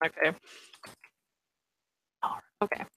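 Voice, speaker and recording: Woman running a tabletop game, bright voice, blunt, casual. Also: extremely slow, no echo, low-quality recording. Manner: blunt, swears freely. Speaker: game master.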